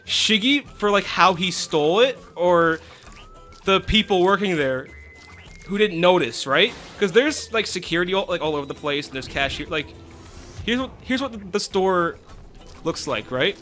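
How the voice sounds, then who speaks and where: A man streaming, telling an animated casual story with lots of "right?" and "like". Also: sits high, normal speed, faint music behind.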